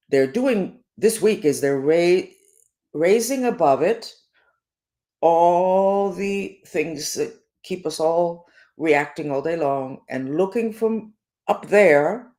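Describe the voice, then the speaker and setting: With a lowish voice, this woman talks through weekly horoscopes off the cuff. Her delivery is lively and forceful, alternating sharp emphasis with hushed side remarks.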